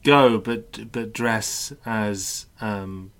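A man's voice: fairly low pitch, drawn-out words, fairly bright tone. A man on a podcast who puts dry one-liners into the casual chat. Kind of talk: casual banter.

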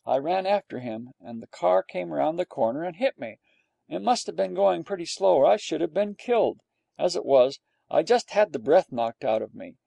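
A man narrates a story in a dry, wry first-person way. His voice is gravelly and somewhat raised, dark in tone, recorded close and dry. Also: fairly high pitch, no room sound.

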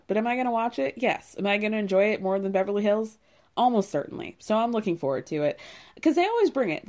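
A woman's voice: fairly high pitch, a little mellow. Sassy woman host recapping with wry asides. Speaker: podcast host recapping reality TV. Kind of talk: casual recap monologue.

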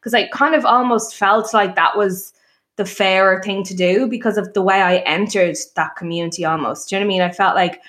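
A woman chatting casually on a podcast, telling stories in a blunt, animated, sweary way. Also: mid-range voice, fairly quick. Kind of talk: casual chat.

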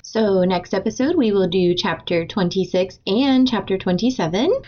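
A woman hosting a casual book-club podcast, animated and laughing often. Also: medium pitch, moderate pace. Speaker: podcast host. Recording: dull lo-fi sound.

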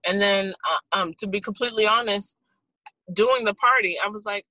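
A woman co-hosting a casual chat, telling stories in an animated way and laughing often. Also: mid-range voice, brisk, no echo, rough recording.

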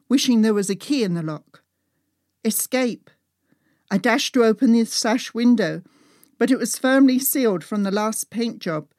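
A woman's voice: mid-range voice, darkish tone, no room sound, studio quality. A woman narrating a first-person story as an audiobook, reading dramatically and dropping to a whisper in tense moments.

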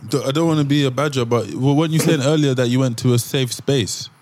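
A man's voice: medium pitch, quick pace, a little mellow, a little hiss or hum. A man co-hosting a podcast, chatting in a reflective way with frequent restarts. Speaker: podcast co-host. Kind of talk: casual chat.

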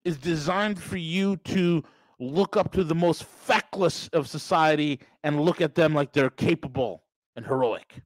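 A man's voice: a little high, unhurried, no room sound, rough recording. A man hosting a podcast, delivering a sarcastic, mocking political monologue with emphatic bursts. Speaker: podcast host.

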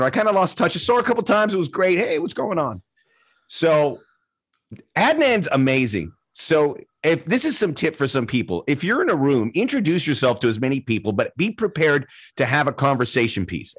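Male podcast host, husky and slightly high, animated storyteller with quoted voices. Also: brisk. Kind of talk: casual storytelling chat.

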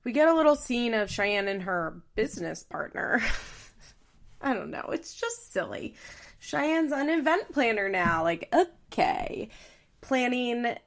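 A woman's voice: a little high, sing-song, a little slow, creaky, a bit bright. A woman chatting casually and giving strong opinions while recapping a reality show, slipping into other voices for quotes. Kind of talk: casual chat.

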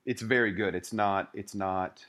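Lower-voiced male co-host, wry playful delivery. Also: fairly even intonation, unhurried, a bit bright. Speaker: podcast co-host. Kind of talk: casual book-club chat.

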